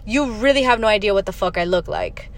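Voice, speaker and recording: With lively intonation, this young podcast host tells a story as a casual rant, blunt, exasperated and full of profanity. She races forward before sinking into low, muttered asides.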